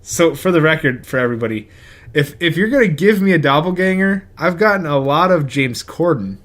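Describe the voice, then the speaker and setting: Podcast co-host, young man, fairly high voice, rambling jokey recapper. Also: animated, a bit bright. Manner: rambling, jokey, recaps plots with quick impressions. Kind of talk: casual chat.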